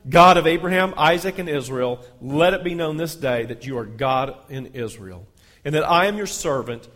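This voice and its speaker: A man's voice: fairly high pitch, a bit bright. A male pastor, reading scripture aloud in a sermon and lifting his voice on the quoted lines. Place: church sanctuary. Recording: long hall reverb.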